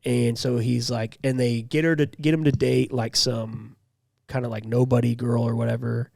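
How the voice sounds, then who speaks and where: A man's voice: mid-range voice, level tone, normal speed, vocal fry, darkish tone, dry recording, clean studio sound. A young man co-hosting a podcast in loose, rambling casual chat full of fillers. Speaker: podcast co-host.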